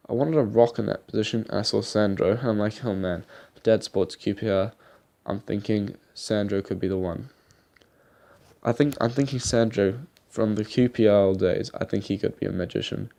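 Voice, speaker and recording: A young man talks his way through a football video game in loose, rambling commentary. His voice sits low and mellow with a gravelly edge. He chats like a gaming YouTuber, dropping a casual swear here and there. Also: moderate pace.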